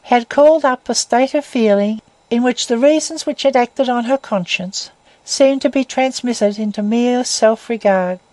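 A woman reading a classic novel aloud as narrator in a measured, even way. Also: on the high side, no room sound, poor audio.

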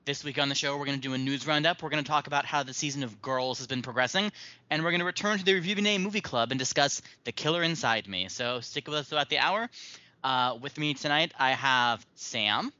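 A man's voice: medium pitch, brisk, bright, forceful tone, no room sound, dull audio. A man hosting a podcast in casual chat, rambling and self-mocking with lots of ums and uhs. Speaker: podcast host.

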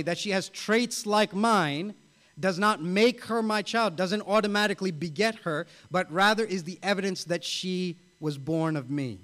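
A male pastor preaching a sermon, earnest and emphatic, repeating key phrases and building to excited exclamations. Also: on the high side.

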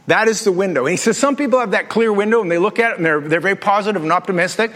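High-voiced pastor in a reverberant church. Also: male voice, rapid-fire, hardly any pauses, fairly bright tone. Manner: humorous, conversational, asks the audience questions. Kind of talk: sermon.

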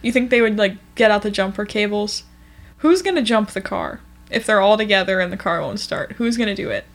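A woman's voice: medium pitch, animated, brisk. A woman co-hosting a casual chat, playful and rambling, with a joking manner. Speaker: podcast co-host.

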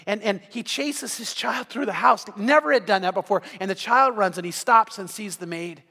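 A man's voice: high voice, normal speed, pushed and bright. A middle-aged male pastor preaching a sermon, telling stories earnestly and often repeating words as he starts a sentence. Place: church hall. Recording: long hall reverb.

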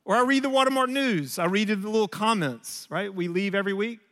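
A man in his forties preaches with a high, bright, forceful voice. He talks in a relaxed, conversational way and makes fun of his own failings. A long reverb from the church hall hangs on every phrase. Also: brisk. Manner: conversational, self-deprecating storytelling. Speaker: pastor. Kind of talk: sermon.

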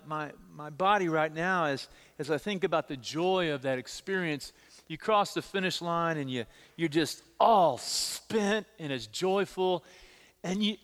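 Middle-aged pastor guy preaching, kinda high voice, lively storytelling, big echoey church hall. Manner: animated storytelling, repeats words when emphasizing. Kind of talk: sermon.

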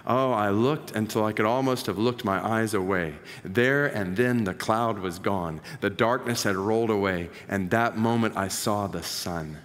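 A man's voice: lowish voice, moderate pace, few pauses. Earnest male preacher in a reverberant hall. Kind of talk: sermon, reading a quoted story aloud.

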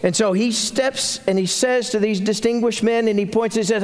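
A man preaching a sermon as senior pastor, telling the story in an animated way with frequent restarts. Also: high-pitched, moderate pace, few pauses, in a large hall.

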